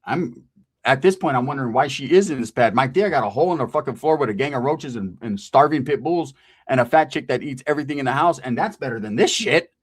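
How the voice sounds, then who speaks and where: A man's voice: medium pitch, quick pace, slightly rough. A man telling a comic street story in a slangy, profane way, often asking "right?". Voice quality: animated, swearing, slangy, asks "right?".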